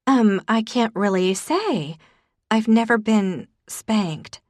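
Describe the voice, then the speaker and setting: Woman playing a flustered young woman, higher-pitched. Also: a little slow, no room sound, lightly acted. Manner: nervous, eager.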